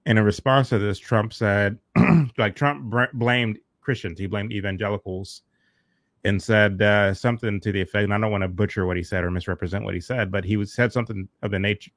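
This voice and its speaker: A man hosting a casual political chat, measured and careful in his phrasing. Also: on the low side, steady tone, no echo.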